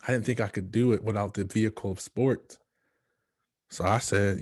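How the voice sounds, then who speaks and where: A man from Michigan giving a motivational speech, telling his own story with dramatic pauses and hushed asides. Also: fairly low pitch, fairly even intonation, no room sound, clean studio sound. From Michigan, USA. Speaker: motivational speaker.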